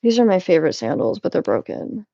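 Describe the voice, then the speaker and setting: A young woman rambles as she tidies, chatty and quick to cut herself off with a laugh. The sound is dry and a little muffled, like a home setup with a modest mic. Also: on the low side, sing-song, vocal fry, dark tone, breathy edge, no room sound. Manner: rambling, chatty, self-interrupting, laughs often. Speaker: vlogger. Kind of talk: casual chat while cleaning.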